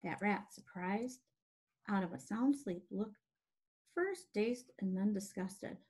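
A woman gently and expressively reading a children's book aloud as narrator. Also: medium pitch, slow pace, slightly rough.

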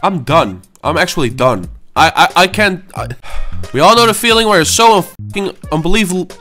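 A man's voice: high voice, lively intonation, a little fast, bright, forceful tone, soft background music. A man in his twenties at home, swearing and ranting in frustration while commenting on his own gameplay. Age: 20s. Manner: angry, swearing, frustrated muttering. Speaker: gaming channel host.

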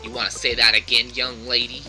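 A man voicing a folksy, gruff older father who teases his daughter, over game music. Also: medium pitch, level tone, a little fast, pushed and bright, poor audio.

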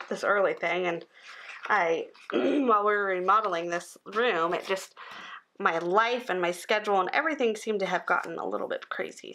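A tired woman in her thirties chatting casually as she fills in a planner, rambling and dropping into soft asides under her breath. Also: mid-range voice. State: tired, yawning. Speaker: planner vlogger. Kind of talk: casual chat while planning.

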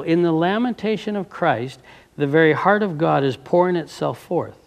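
A man delivers a fervent sermon, reading a passage and then breaking off to question his listeners. His voice sits a little high and carries a gravelly fry. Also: animated, moderate pace. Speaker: preacher. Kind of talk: sermon reading from a book with commentary.

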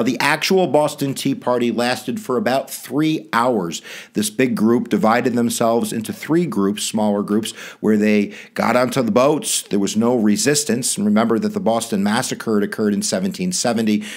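A middle-aged man giving a casual, jokey history lecture to students as their teacher. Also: fairly low pitch. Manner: lively, jokey, talks straight to students.

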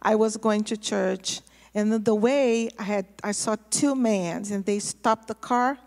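A woman pastor telling a testimony in a sermon, storytelling in a lively way and repeating words for emphasis. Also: medium pitch, measured pace. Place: church sanctuary. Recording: long hall reverb in a church.

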